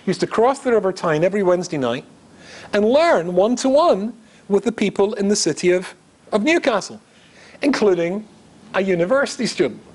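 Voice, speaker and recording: A man's voice: high voice, lively intonation, normal speed. A middle-aged man from Scotland, a rabbi giving a humorous storytelling lecture, chatty and joking with asides to the audience. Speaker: rabbi and guest speaker.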